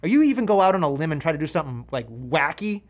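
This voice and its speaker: A man in casual podcast chat about wrestling, animated and acting out quoted voices. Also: a little high, fast.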